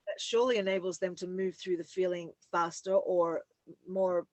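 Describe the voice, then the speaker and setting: A woman's voice: fairly low pitch, fairly even intonation, moderate pace, darkish tone, dry recording. Affirming woman fitness instructor. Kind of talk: casual video chat.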